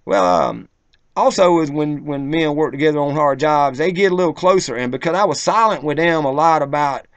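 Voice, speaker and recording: A man's voice: on the high side, fairly quick, no echo. A man telling a long personal story in a rambling, colloquial way, with plenty of profanity. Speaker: vlogger. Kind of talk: casual storytelling. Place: outdoors, then moving inside as rain starts.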